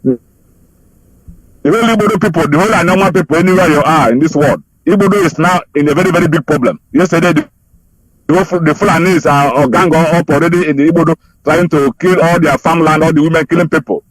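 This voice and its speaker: Dude calling into radio, talks fast, kinda high voice, fervent and repeating himself. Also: male voice, poor audio. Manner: fervent, urgent, repetitive. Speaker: caller. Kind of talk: phoned-in radio appeal.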